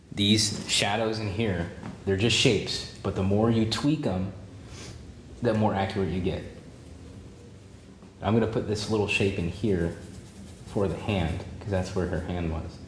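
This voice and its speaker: A man teaching a drawing demonstration, relaxed and encouraging, thinking aloud as he draws and repeating key points. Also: sits low. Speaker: art teacher. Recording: roomy with faint background noise.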